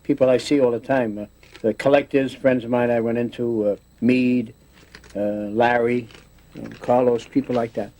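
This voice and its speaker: A man's voice: medium pitch, level tone, moderate pace, mellow, slight background noise. A man in a casual interview, telling stories in a rambling way with many restarts, often slipping into voices.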